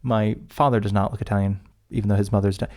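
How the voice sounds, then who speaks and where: A man's voice: on the low side, fairly even intonation, racing, dark tone. A man co-hosting a podcast in casual chat, rambling and often breaking off mid-sentence. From United States. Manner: rambling, self-interrupting, chatty. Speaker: podcast co-host.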